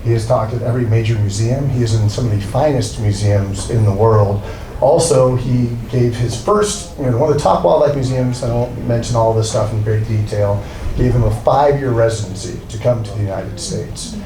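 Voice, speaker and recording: A man's voice: mid-range voice, normal speed. A man, an art dealer, introducing a speaker at an event, rambling, joking at his own expense and getting emotional. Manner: rambling, self-deprecating, emotional. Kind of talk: live introduction speech. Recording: roomy, distant from mic, with noise.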